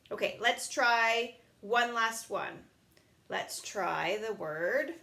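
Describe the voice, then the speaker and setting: A woman teaching young children in an online lesson, slow and patient, sounding words out in a sing-song teacher voice. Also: fairly high pitch, fairly bright tone.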